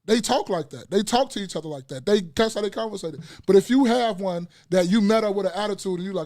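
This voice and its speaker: A man's voice: high voice, fast, hardly any pauses, darkish tone. A middle-aged man as a podcast guest in casual chat, blunt and profane, telling stories animatedly.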